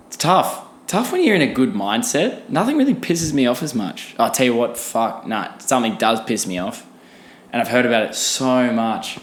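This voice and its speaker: A young man rants on his own podcast, swearing freely and poking fun at himself. His voice sits at a middling pitch, and a roomy echo hangs around it. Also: sing-song, normal speed. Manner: ranting, profane, self-deprecating. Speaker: podcast host. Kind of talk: solo comedic podcast rant.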